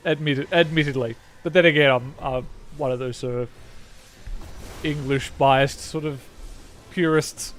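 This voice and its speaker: A man's voice: mid-range voice, steady tone, unhurried, a little hiss or hum. Chatty Australian man streaming a game. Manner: rambling, self-correcting, chatty with viewers. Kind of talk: casual gaming chat.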